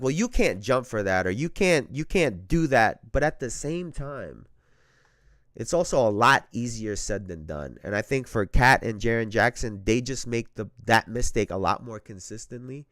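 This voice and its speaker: A man hosting a casual sports talk show, swearing freely and getting worked up as he rants. His voice sits at an ordinary middle pitch. The sound is dry and close, with no room around it. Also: dry recording. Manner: profane, animated, laughing often, repeats himself. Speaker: sports podcast host.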